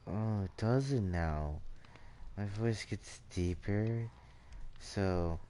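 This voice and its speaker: A sleepy young man streaming a game, chatting to his viewers in a drowsy, drawling monotone with lots of "like" and "dude". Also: lowish voice, extremely slow, a little hiss or hum. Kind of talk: casual live-stream chat while gaming.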